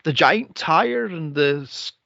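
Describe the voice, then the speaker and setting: Exasperated man with a gravelly voice. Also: a little high, expressive, slow, bright, forceful tone, no echo. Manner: exasperated, swearing, laughing recaps. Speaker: podcast co-host. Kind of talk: casual chat recapping a film. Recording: dull lo-fi podcast mic.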